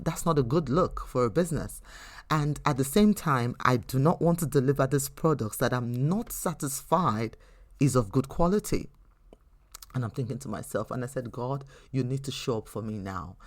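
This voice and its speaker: A woman's voice: rumbling low, lively intonation, normal speed. A woman hosting a faith teaching podcast who talks earnestly and conversationally, telling personal stories with frequent restarts. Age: adult. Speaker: podcast host.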